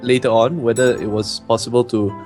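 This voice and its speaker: A man's voice: mid-range voice, little pitch movement, fairly quick, darkish tone, faint music behind. A man in casual chat, asking easygoing questions about a game. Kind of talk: casual let's play chat.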